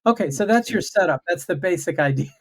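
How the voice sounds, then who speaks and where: Fast, high-pitched and expressive, the guest programmer's voice carries a relaxed livestream chat over video call. He describes his project while poking fun at himself.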